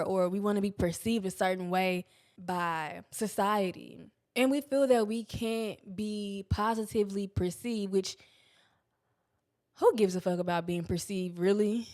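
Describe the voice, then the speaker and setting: A woman's voice: mid-range voice, darkish tone. A young woman hosting a podcast, talking candidly about self-help in a casual, blunt way, swearing freely and stretching words for emphasis. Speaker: podcast host.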